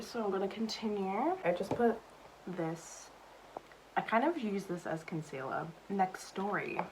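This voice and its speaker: A young woman talks casually while she does her makeup, rambling and self-mocking, with "like" scattered through every sentence. Her voice sits at an ordinary middle pitch. Faint room ambience hums behind her. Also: slight background noise, poor audio. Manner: chatty, self-deprecating storytelling with lots of "like". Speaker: beauty vlogger.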